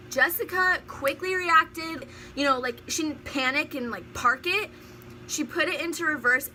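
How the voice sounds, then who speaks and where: A young woman with a high, bright voice tells a story on her vlog. She talks in an animated way and laughs often as she goes. There is a faint hiss behind her. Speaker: vlogger.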